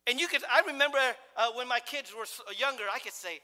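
A man's voice: very high voice, fast talker, sharp tone. A middle-aged male pastor preaching a sermon in a conversational, joking way, full of restarts and acted-out quotes. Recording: long hall reverb.

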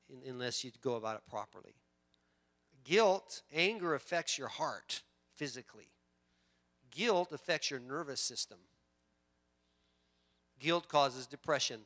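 A man preaching a sermon, swinging from loud emphatic bursts to hushed storytelling. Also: medium pitch. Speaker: pastor.

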